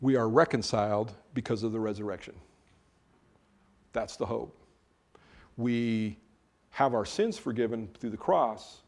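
A man's voice: medium pitch, unhurried, long pauses, darkish tone. A man, a pastor, preaching a sermon in a conversational way, with joking asides between earnest points.

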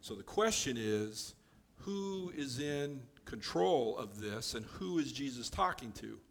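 A man giving a conversational Bible teaching, explaining verses in a relaxed way with offhand joking asides. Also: medium pitch, takes it slowly, gravelly.

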